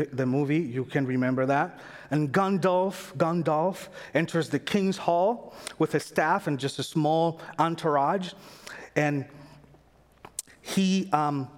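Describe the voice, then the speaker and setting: A man preaching a sermon in a casual, animated way, acting out the voices of figures in the story. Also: fairly high pitch. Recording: long hall reverb.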